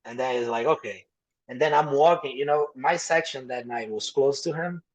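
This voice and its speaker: A man's voice: medium pitch, brisk, poor audio. A young adult man with a Brazilian accent, a native Portuguese speaker, telling stories as a podcast guest, acting out quoted voices and swearing freely. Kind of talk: casual storytelling.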